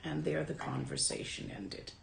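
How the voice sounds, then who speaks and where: A woman's voice: low-pitched, big pitch swings, moderate pace, vocal fry, roomy sound, a little hiss or hum, poor audio. A woman who teaches Buddhism and translates Tibetan, telling a story from her own life in a dharma talk in a casual, wry way.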